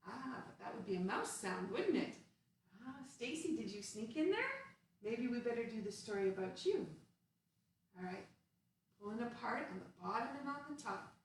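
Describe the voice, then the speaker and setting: A woman's voice: on the high side, big pitch swings, normal speed, far from the mic. Echoey woman leading a kids' movement class. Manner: playful, instructive, sing-song. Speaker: children's movement teacher. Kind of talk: guided kids' movement lesson. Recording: very echoey room, voice off-mic, faint hiss.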